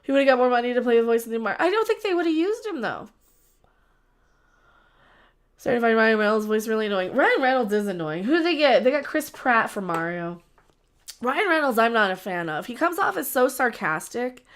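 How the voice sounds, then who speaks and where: A woman's voice: a little high, big pitch swings, a little fast. A young woman hosting a casual livestream, rambling and chatty, often trailing off and restarting. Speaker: livestream host.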